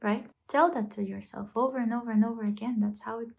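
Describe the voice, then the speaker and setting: A woman's voice: a little high, fairly even intonation, fast, vocal fry, darkish tone. Earnest woman coaching the viewer. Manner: earnest, coaching, asks rhetorical questions. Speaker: self-help vlogger. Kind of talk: casual motivational talk to camera.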